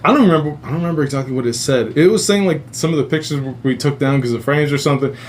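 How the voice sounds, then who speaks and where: A man hosting a live stream, casually retelling a story in a rambling, animated way and swearing a lot. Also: a little high, very fast, a little hiss or hum. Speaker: livestream host.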